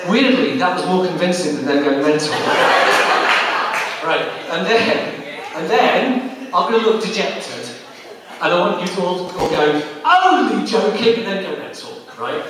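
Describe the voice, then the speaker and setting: A man's voice: high-pitched, expressive, moderate pace. A man doing live stand-up, teasing and riffing on the audience as he runs a participation bit. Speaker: stand-up comedian. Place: comedy venue. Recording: echoey venue from a distance, crowd laughter.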